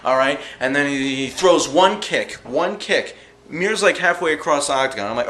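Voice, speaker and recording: A man giving an animated, slangy, jokey recap of fight events in a casual vlog. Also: a little high, moderate pace, echoey room. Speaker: vlogger reviewing fight events.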